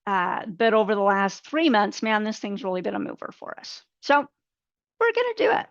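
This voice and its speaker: A woman's voice: medium pitch, normal speed, dry recording. A woman trading coach teaching a live webcast, talking through charts step by step in a conversational way. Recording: dull, dry webcast audio.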